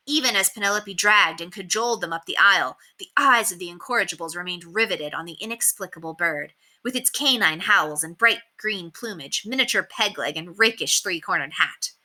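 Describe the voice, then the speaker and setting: A woman reading a children's novel aloud in an expressive, animated storytelling voice. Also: on the low side, a little fast, few pauses. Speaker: reader.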